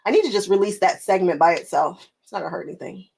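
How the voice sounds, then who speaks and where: A woman hosting a casual crafting live stream, chatting with viewers while she sews, animated and often laughing, repeating phrases for emphasis. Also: on the low side, fast talker, gravelly, slightly rough, rough recording. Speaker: quilting live stream host. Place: home sewing room.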